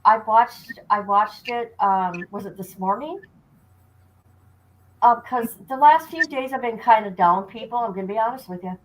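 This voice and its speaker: A woman's voice: on the high side, normal speed, poor audio. A woman hosting a livestream, boisterous and laughing as she chats with a guest. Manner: boisterous, laughing, know-it-all banter. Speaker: livestream host. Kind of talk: casual livestream chat.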